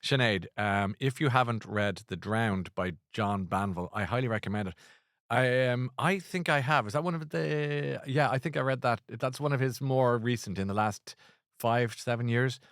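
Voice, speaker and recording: A man's voice: medium pitch, moderate pace, a bit bright, dry recording, studio quality. A man hosting a casual chat show, rambling and self-deprecating with lots of restarts. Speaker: host.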